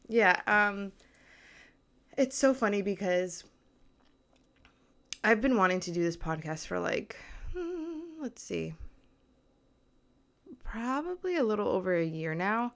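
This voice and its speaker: A woman's voice: medium pitch, very animated, takes it slowly, long pauses, a bit bright. A young woman hosting her own podcast from a small apartment, chatting nervously and rambling with lots of filler words. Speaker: podcast host. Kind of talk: casual solo podcast chat. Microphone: mic with camera on tripod.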